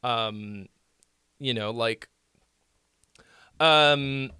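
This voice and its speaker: A man's voice: mid-range voice, drawn-out words, sharp tone, clear, resonant tone, no echo, studio quality. A man hosting a live song critique stream, talking bluntly with profanity and sarcasm.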